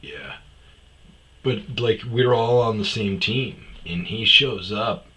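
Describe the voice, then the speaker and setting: A man's voice: lowish voice, slow, bright, forceful tone. A man hosting his own podcast, telling comic stories in a casual, profane way and acting out the back-and-forth of what people said. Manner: profane, swears constantly; acts out quoted exchanges in raised voice. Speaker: podcast host. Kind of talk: casual comedic storytelling.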